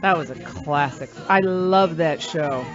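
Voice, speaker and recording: A woman hosting a radio talk show, bantering in a chatty, animated way and jumping between asides. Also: deep voice, measured pace, over music. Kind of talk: casual on-air banter. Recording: slightly muffled radio audio.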